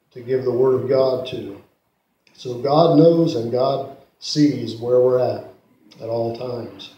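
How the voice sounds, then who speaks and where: Man, preacher, mellow high-ish voice, dramatic storytelling sermon, echoey church room. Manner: dramatic, rises to loud peaks and drops to hushed asides. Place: church sanctuary.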